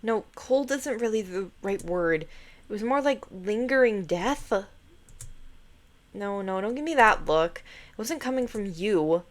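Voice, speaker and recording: Woman voicing a moody young woman with nightmares, frustrated, a bit higher and hushed. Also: lively intonation, unhurried, close to an everyday voice. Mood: brooding.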